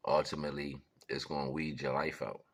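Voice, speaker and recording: A man's voice: very deep voice, level tone, brisk, breathy edge. A man talking casually and rambling through life lessons and stories, laughing often and acting out voices. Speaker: vlogger sharing life lessons. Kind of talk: casual storytelling monologue.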